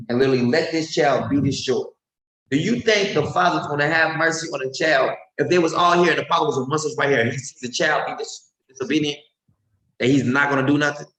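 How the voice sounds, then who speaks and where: A man preaching informally and emphatically, swinging between loud outbursts and low murmurs. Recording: roomy echo.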